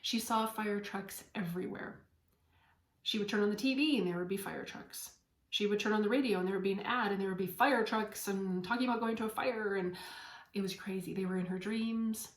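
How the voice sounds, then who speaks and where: A woman's voice: mid-range voice, brisk. Woman medium and podcast host, earnest and encouraging, mid-range voice, roomy echo. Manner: earnest, heartfelt, gently encouraging. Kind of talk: inspirational spiritual talk. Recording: echoey room.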